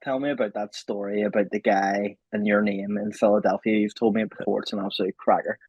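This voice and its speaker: A man's voice: lowish voice, steady tone, quick pace, vocal fry, a little mellow, breathy edge, dry recording, lo-fi sound. A man interviewing a boxer, friendly, asking questions that stumble a little at the start.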